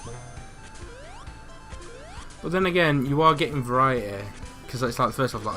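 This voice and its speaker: A man's voice: mid-range voice, a little fast, pauses often, pushed and bright. A young man chats his way through a retro game, rambling and restarting sentences with a self-mocking streak. He talks into a headset on a voice call, with faint game music under him. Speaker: let's play commentator. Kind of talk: casual gaming commentary.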